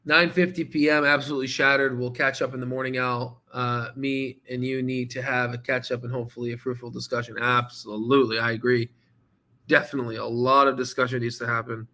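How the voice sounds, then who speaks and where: A man hosting a stock trading channel, talking casually and excitably while going through charts, swearing now and then and repeating himself as he rambles. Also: mid-range voice, a little fast. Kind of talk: casual screen-share market commentary.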